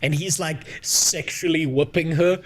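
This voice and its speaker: A man's voice: fairly high pitch, fairly even intonation, measured pace. A young man streaming a game, talking in crude, sarcastic, laughing rants. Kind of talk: casual gaming stream chat.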